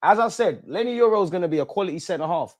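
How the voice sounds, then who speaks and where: A young man hosting a live football watch-along, chatting in street slang and shouting when goals go in. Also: sits high, expressive, fast talker.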